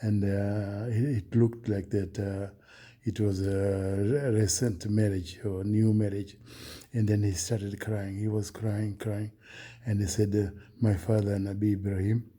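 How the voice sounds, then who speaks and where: A man from Oman, recounting a dream in a hesitant, earnest way, with many pauses and restarts. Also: fairly low pitch, flat delivery, mellow. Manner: earnest, solemn. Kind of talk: unscripted personal account.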